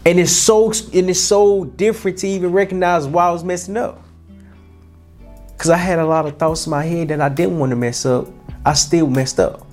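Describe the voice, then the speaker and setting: A man's voice: fairly high pitch, fairly even intonation, moderate pace, a little mellow, soft background music. A young man hosting a podcast, giving an earnest, colloquial motivational talk with frequent restarts and repetitions. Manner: earnest, repeats himself, colloquial. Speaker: podcast host.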